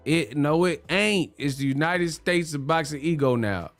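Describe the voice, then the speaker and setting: A man hosting a boxing livestream, talking in animated slang and laughing often. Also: on the high side, normal speed, hardly any pauses, no room sound, soft background music. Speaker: boxing channel host. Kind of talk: livestream commentary.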